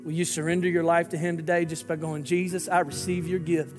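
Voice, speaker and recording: A man's voice: a little high, little pitch movement, fairly quick, long reverb tail, music in the background. A man, a lead pastor, giving an earnest, pleading sermon and prayer to viewers watching online.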